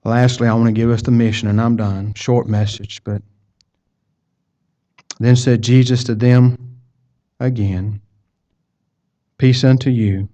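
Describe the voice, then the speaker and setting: A man's voice: mid-range voice, little pitch movement, a little slow, pauses often, mellow. A man preaching a sermon, telling a personal story in a folksy way and repeating words as he goes. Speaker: pastor. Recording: dull lo-fi sound.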